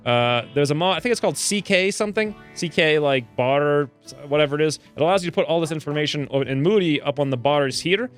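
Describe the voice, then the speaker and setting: A man commentating his own gameplay in a jokey, animated way, slipping into squeaky voices for the characters. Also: fairly quick, few pauses, clear, resonant tone, faint music behind. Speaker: gaming video host. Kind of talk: let's play commentary.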